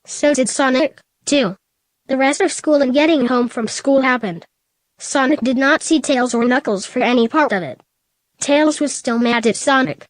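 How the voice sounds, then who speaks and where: A woman's computer voice reads out a comic story, high-pitched and mechanically even. The sound is dry and close, with no room around it. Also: normal speed, no room sound. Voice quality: synthetic, flat text-to-speech reading. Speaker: narrator. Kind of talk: synthesized storybook narration.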